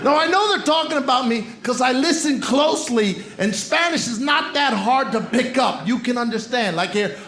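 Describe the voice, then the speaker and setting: A high-pitched man delivers a stand-up set and ribs the crowd in quick, punchy bursts. His voice rings through a roomy club, with crowd noise and laughter clearly audible behind him. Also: expressive, fairly bright tone. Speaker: stand-up comedian. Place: comedy club stage. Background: audience laughter.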